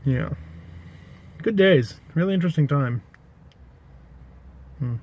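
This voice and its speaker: A man's voice: on the high side, animated, takes it slowly, a little mellow. A man casually telling an anecdote to the camera, rambling, correcting himself and adding dry asides. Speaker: pipe-smoking vlogger.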